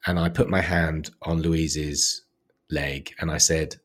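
A man telling a personal story of loss in a podcast interview, reflective and quiet, often halting as he recalls hard moments. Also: very deep voice, little pitch movement. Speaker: guest.

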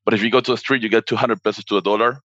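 A man's voice: fairly low pitch, steady tone, very fast, fairly bright tone, no echo, muffled recording. A man from Argentina, a guest on a podcast, enthusiastically telling a story in casual conversation. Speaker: podcast guest, business partner.

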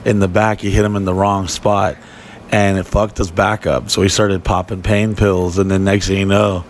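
A man telling long, profane stories in casual podcast chat, rambling and animated. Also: deep voice, normal speed, a little hiss or hum.

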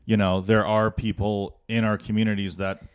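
A man's voice: on the low side, flat delivery, normal speed, smooth. A man co-hosting a podcast, rambling casually with lots of filler words and swearing. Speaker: podcast co-host. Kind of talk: casual comedic chat.

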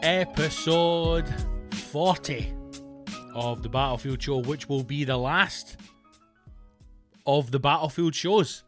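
Rambling Scottish comedian hosting a podcast. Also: male voice, on the high side, slow pace, long pauses, fairly bright tone, faint music behind. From Scotland. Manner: rambling, jokey, with playful put-on bits. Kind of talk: casual comedic monologue.

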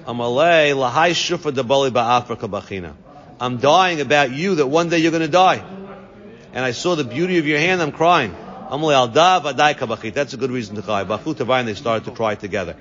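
A man's voice: mid-range voice, fast talker, fairly bright tone. A man teaching a Talmud class to students, translating each Aramaic phrase into English. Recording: dull lo-fi recording, long reverb.

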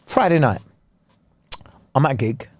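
Man, comedian podcast host, lively swinging pitch, slangy and sweary, close dry mic. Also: measured pace, dry recording. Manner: animated, swearing, acts out quotes with big pitch jumps. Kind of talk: casual storytelling chat.

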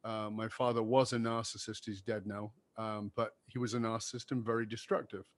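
A man's voice: lowish voice, little pitch movement, a little fast. A man talking as a guest, telling personal stories candidly and with emphatic, earnest delivery. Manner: earnest, emphatic, acts out dialogue.

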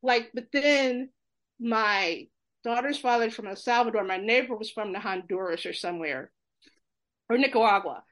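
A woman from New York telling funny stories in casual talk, fast and animated, laughing and acting out other people's voices. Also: fairly high pitch.

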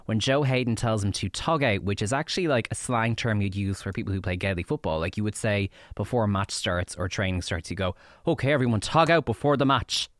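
A man's voice: lowish voice, brisk, few pauses, dry recording, clean studio sound. An Irish man doing a chatty, catty and mocking podcast recap segment. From Ireland. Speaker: guest segment contributor.

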